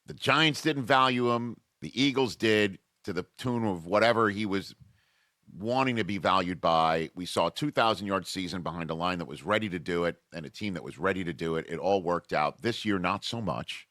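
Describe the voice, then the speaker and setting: A man hosting a casual sports debate podcast, animated and riffing, often breaking off thoughts midway. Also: deep voice, normal speed, no echo, studio quality. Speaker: sports talk host.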